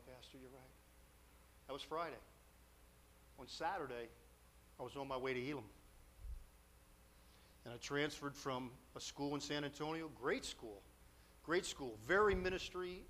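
A man's voice: on the high side, a bit bright, a little hiss or hum. Man preaching with confessional humor. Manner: emotional, confessional storytelling with self-deprecating humor. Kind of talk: storytelling sermon.

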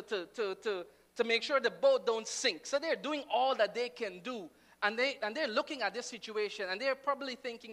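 Animated woman preacher delivering a sermon. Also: a little high. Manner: dramatic swings from hushed to loud, animated storytelling.

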